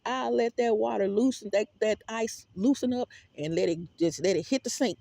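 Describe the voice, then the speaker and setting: A woman's voice: on the high side, normal speed, gravelly, warm tone, no echo. A woman talking casually to her viewers in a rambling, emphatic way, repeating words and swearing freely. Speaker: vlogger.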